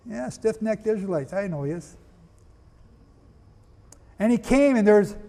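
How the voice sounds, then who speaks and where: His voice is very high-pitched and a little mellow as he teaches a sermon in lecture style. The Bible teacher reads quotations aloud and asks the audience questions, all under a long hall reverb.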